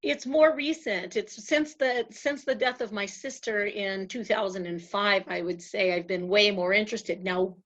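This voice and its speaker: A woman guest telling her story in a chatty interview, often halting and restarting as she speaks. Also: mid-range voice, a bit bright, muffled recording. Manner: halting, with many restarts and fillers. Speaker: guest, spiritual channel.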